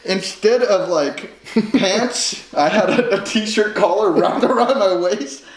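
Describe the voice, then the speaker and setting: A young man co-hosting a podcast slowly tells a rambling story about being drunk, full of swearing and laughter. His voice is high. It's a casual chat recorded in an echoey, noisy room.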